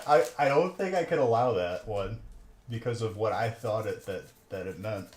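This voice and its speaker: A man's voice: lowish voice, very animated, measured pace. A man hosting a casual livestream, bantering and teasing his chat viewers. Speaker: livestream host of card box breaks. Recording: echoey room, faint background noise.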